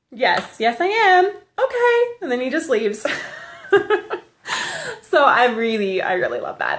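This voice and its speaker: A woman's voice: medium pitch, a bit bright. Woman vlogger, casual storyteller, laughs easily, handheld camera. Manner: chatty, laughs often.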